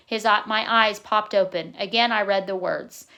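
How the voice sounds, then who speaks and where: A woman narrating a novel in a plain, steady reading voice, now and then correcting her own slips. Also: medium pitch, a little slow, creaky, hardly any pauses.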